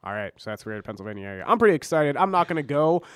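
Young man, stuffy nose, rapid rambling talk, dry studio mic, jokey self-corrections. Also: a little high, sing-song, clear, resonant tone, no room sound. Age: young adult. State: stuffy from a cold. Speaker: college radio co-host. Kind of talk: casual college radio chat.

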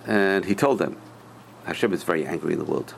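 Low gravelly rabbi guy telling stories, gets loud then drops to a hush. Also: fairly quick, slight background noise. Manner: animated storyteller, swings between loud and hushed. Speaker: rabbi teaching a Torah class. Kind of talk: storytelling sermon.

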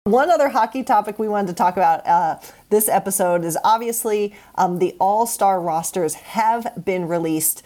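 A woman's voice: medium pitch, normal speed, mellow. A woman co-hosting a sports podcast, chatting casually with frequent restarts and easy laughter. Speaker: podcast co-host. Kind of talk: casual chat.

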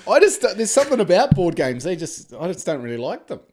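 A man co-hosting a podcast, bantering back and forth. His voice sits fairly high and swings widely in pitch, and his replies come short and teasing. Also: very animated, brisk, darkish tone. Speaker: podcast co-host. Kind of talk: casual chat.

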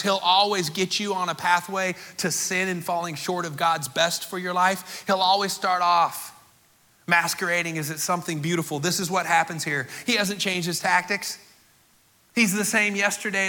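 A male preacher with a high, sharp, bright voice, preaching energetically and chatting with his congregation through rhetorical questions. His voice carries the long reverb of a large church hall. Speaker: pastor. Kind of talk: sermon.

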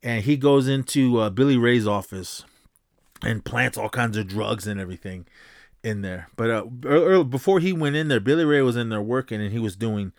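A man's voice: mid-range voice, moderate pace, no echo, studio quality. A man casually retelling a film's plot as a podcast host, rambling with restarts and some swearing. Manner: rambling, frequent restarts and profanity. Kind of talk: casual movie recap.

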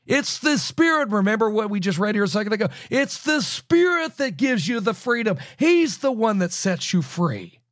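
A man teaching through a Bible book verse by verse, emphatic, with loud bursts and low asides. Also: big pitch swings, normal speed, few pauses, dry recording, clean studio sound.

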